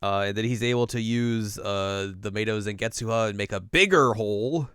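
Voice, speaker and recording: A man co-hosting a casual anime podcast, retelling each scene and slipping into quick silly voices for the characters. His voice is smooth and clear, recorded close on a dry mic with no room sound. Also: lowish voice, fairly bright tone, dry recording. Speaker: podcast co-host recapping an anime. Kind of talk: casual recap chat.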